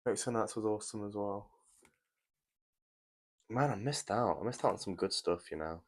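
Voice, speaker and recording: A man's voice: on the low side, moderate pace. A young British man casually chatting to viewers on a live stream while he builds a Lego set, in a rambling, chatty way. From Britain. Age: young adult.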